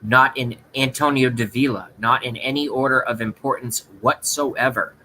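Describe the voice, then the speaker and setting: A man's voice: mid-range voice, fairly even intonation, normal speed, sharp tone, slight background noise, rough recording. A man hosting a livestream, speaking in a sarcastic, mock-dramatic rant to his viewers. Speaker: livestream host.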